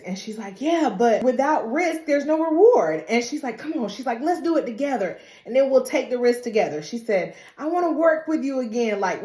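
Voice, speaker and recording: A recap vlogger goes over a TV episode in casual, dialect-tinged speech, animatedly acting out the characters' lines with big pitch jumps and bursts of laughter. The room she's in is echoey.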